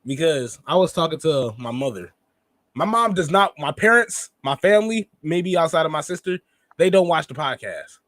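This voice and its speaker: Man, high voice, podcast co-host, animated teasing storyteller. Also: normal speed, no echo. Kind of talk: casual chat.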